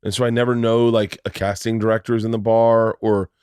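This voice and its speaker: A man hosting a podcast, telling stories in a rambling, excitable way and swearing freely in casual chat. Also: on the low side, a little fast, clean tone, no room sound, clean studio sound. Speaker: podcast host.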